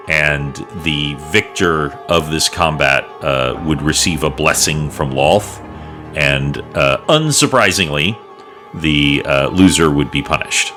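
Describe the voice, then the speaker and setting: A man with a very deep, bright voice narrating as dungeon master, slow and rambling, full of ums and restarts. Faint music plays behind him. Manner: rambling, filler-laden narration. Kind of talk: narrating a tabletop game.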